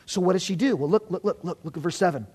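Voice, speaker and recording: High-voiced man preaching a sermon. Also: fast, slightly rough. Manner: conversational, repeats words, animated storytelling.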